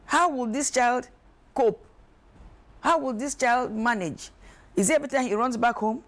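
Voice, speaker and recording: A woman, speaking as an expert guest on a talk show, emphatic and animated, acting out quoted voices. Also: on the high side, normal speed. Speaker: guest expert on emotional wellbeing. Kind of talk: studio talk show discussion.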